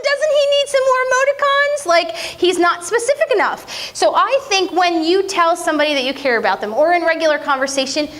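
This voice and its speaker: A woman preaching a conversational sermon, playful and self-mocking, with lively jokes. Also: high voice.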